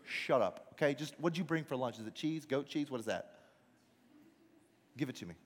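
A man voicing grumpy older brothers who mutter gruff put-downs. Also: medium pitch, lively intonation, normal speed, voice pushed down, lightly acted. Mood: dismissive. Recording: reverberant large hall.

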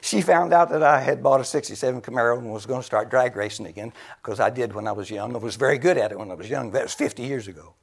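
A man in his seventies preaching a sermon, exclaiming loudly, laughing between phrases and dropping to a near whisper for emphasis. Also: medium pitch, fast, gravelly, hardly any pauses. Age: 70s.

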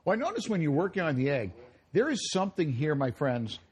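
A man's voice: a little high, big pitch swings, fairly quick, slightly rough. A man co-hosting a live radio cooking show, joking and rambling in casual banter. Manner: jokey, rambling, coughing now and then. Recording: live remote broadcast at a retail store.

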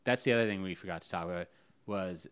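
A man's voice: deep voice, fast, smooth. A man co-hosting a podcast in casual chat, dry and teasing. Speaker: podcast co-host.

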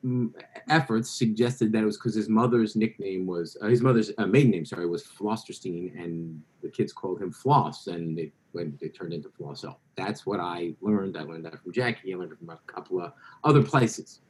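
A man who is an author, telling lively anecdotes as a guest in an interview and quoting other people in their voices. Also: deep voice, normal speed. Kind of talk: interview storytelling.

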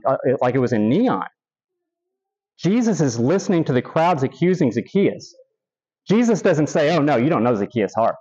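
A man's voice: medium pitch, darkish tone, slightly rough, dull audio. A man preaching a sermon as pastor, telling stories with quoted asides and emphatic repetition.

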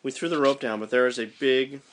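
A man casually recounting a descent down a mine shaft, animated and restarting his sentences as he thinks aloud. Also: mid-range voice, fairly quick, slight background noise. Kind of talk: casual storytelling chat.

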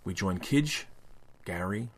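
A man reading a scripted introduction for a podcast episode in a measured, even way. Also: deep voice, slight background noise.

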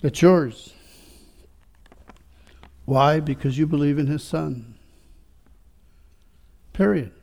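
A man with a high voice preaching a sermon. He asks his listeners rhetorical question after rhetorical question, dropping into quiet, reflective stretches and then building back up to fervent declarations. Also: slow pace, vocal fry, long pauses. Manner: swings between quiet reflection and rising fervor. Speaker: pastor.

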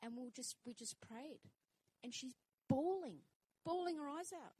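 A woman minister preaching with fervour, repeating her phrases as she builds to bold declarations. Her voice sits fairly high, and the recording is close and dry, with no room sound. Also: animated, unhurried, mellow, no room sound, rough recording. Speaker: minister and fitness trainer. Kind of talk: sermon.

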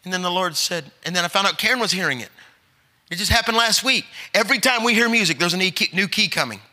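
A man's voice: high-pitched, lively intonation, quick pace, pushed and bright. A middle-aged man preaching as an evangelist, telling stories and building to emphatic urging. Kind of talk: sermon. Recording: long hall reverb.

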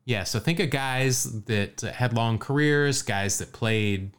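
A man's voice: mid-range voice, slow, a bit bright, clean tone. A man co-hosting a podcast, telling baseball history in casual chat with frequent laughs and asides. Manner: laughs often, storytelling with asides. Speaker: podcast co-host.

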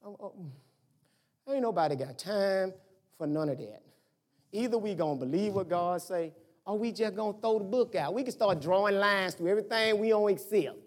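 A middle-aged pastor preaching a sermon in a conversational, animated way, firing off rhetorical questions at the congregation. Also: mid-range voice, brisk.

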